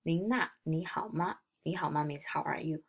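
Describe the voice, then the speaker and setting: A young woman with a Mandarin Chinese accent teaching a beginner Mandarin lesson in English. She explains slowly, step by step, and models the tones aloud. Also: low-pitched, vocal fry, husky. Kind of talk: recorded slideshow lesson.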